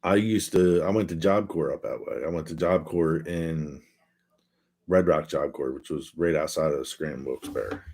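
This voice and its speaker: A man's voice: rumbling low, normal speed, darkish tone. A man hosting a casual livestream from home, reading viewer comments aloud and chatting in a laid-back, rambling way. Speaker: livestream host. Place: at home, indoors.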